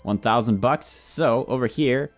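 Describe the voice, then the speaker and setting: In his let's play, a young gaming YouTuber playfully chats with customers as a shopkeeper would. His voice is mid-range and unhurried, with soft music behind it.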